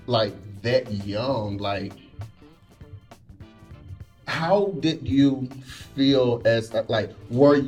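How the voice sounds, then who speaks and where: A man's voice: mid-range voice, a little mellow, reverberant, far from the mic. A man hosting a podcast, asking easygoing questions and chiming in with short replies. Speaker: podcast host. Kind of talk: casual interview. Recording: off-mic, faint music.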